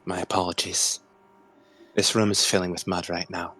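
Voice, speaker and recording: A man narrating as game master in a tabletop game, with a quiet, apologetic delivery. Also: low-pitched, little pitch movement, normal speed, soft background music.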